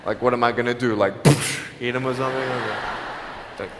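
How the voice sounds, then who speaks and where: A man with an Australian accent giving a live motivational speech, telling his story emphatically and swinging between loud and hushed. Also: mid-range voice, fairly even intonation, fairly quick, very noisy. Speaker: motivational speaker. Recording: long hall reverb.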